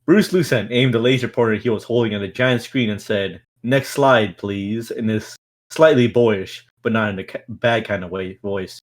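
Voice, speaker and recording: A man's voice: on the low side, normal speed. A man reading a novel aloud on a stream in a casual way, with stumbles, restarts and stifled laughs.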